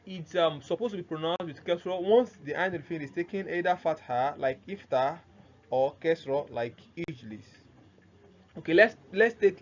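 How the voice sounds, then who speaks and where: A man teaching Arabic grammar in a classroom-style lesson, who keeps asking "what?" and answers himself, repeating the key terms. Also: a little high. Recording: muffled lo-fi sound, faint noise.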